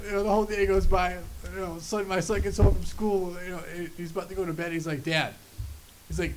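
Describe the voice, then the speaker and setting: A middle-aged man co-hosts a casual podcast with a fairly high voice, telling long anecdotes about his family and swearing freely. Faint noise sits behind him. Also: normal speed, low-quality recording. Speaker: podcast co-host.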